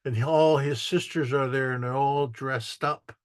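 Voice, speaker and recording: A man with a medium-pitched, fairly even voice speaks unhurriedly in a clean studio recording with no echo. He's a photographer giving a casual artist talk, rambling through stories behind his photos, restarting sentences and acting out quotes as he shows them.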